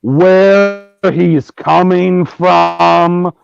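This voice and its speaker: A man's voice: sits high, steady tone, very slow, vocal fry, over music. A man co-hosting a casual podcast chat, joking with wry asides. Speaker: podcast co-host. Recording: dull lo-fi sound.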